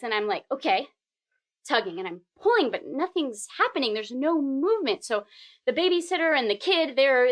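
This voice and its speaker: A woman telling a personal story on stage, animated, building tension through repeated phrases and rising to high squeaks.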